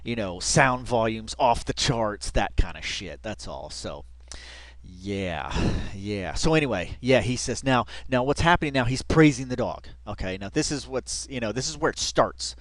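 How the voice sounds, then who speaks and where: A man's voice: medium pitch, lively intonation, normal speed, no echo. A man giving casual reaction commentary, rambling with lots of fillers and bursts of laughter. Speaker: reaction video host.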